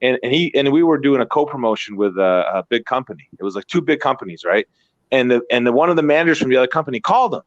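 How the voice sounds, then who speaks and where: A man's voice: medium pitch, expressive, very fast, no echo. A man chatting casually and animatedly, telling stories, swearing freely and repeating words as he goes. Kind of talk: casual chat. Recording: dull dry lo-fi sound.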